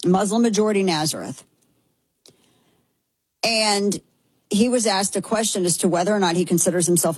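Woman commentator, emphatic, indignant, husky, lower voice, dry sound. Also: darkish tone, no room sound, rough recording. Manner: emphatic and indignant, with frequent restarts. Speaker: political commentator. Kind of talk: opinionated commentary.

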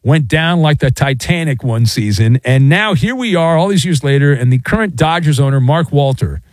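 A man's voice: a little high, lively intonation, normal speed, darkish tone, dry recording. A man giving jokey, theatrical solo sports commentary. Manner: theatrical, jokey, mock sound effects.

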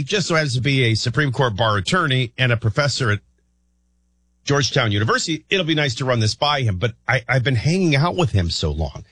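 A male talk radio host with a husky voice that swings up and down a lot. He rambles and thinks out loud, often restarting his sentences. The studio sound is dry and close. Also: medium pitch, no echo. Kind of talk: morning talk radio commentary.

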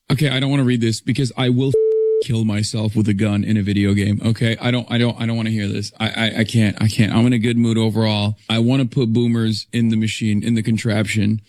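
A man's voice: on the low side, flat delivery, quick pace, darkish tone, dry recording. A man giving casual online commentary in an exasperated, profane, mocking way.

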